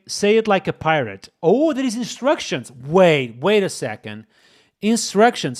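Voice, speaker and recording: A man hosting a live coding stream, excitable and exclaiming as he talks to his chat. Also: sits high. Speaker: streamer, host.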